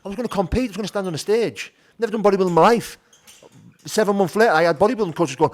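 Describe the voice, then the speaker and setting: A man's voice: high-pitched, racing. A middle-aged man, a podcast guest telling his story frankly, peppering his talk with "you know" and "do you know what I mean". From North of England. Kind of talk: candid conversational storytelling.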